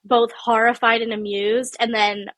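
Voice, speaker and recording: A woman co-hosting a podcast while fighting a cold, telling stories in a lively, laugh-filled way and acting out what others said. Her voice is bright and a little high. The sound is dry and close. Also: normal speed, no echo. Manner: animated storyteller, laughs often, quotes people in voices. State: sick with a cold. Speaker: podcast co-host. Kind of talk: casual chat.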